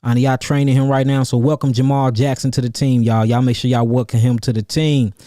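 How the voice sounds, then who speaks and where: A man hosting a livestreamed Q&A about herbal healing, animated and repetitive, calling out names from the chat and hammering his points home. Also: mid-range voice, fairly quick, no room sound, clean studio sound. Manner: animated, calls out chat names and repeats himself for emphasis. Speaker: herbalist host answering viewer questions. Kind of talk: livestream Q&A, casual and preachy.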